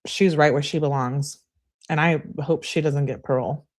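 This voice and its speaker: A woman's voice: deep voice, fairly even intonation, normal speed, a little mellow. A woman hosting a true-crime channel, reading texts and adding candid asides with sighs and laughs for her viewers. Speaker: true-crime commentary host.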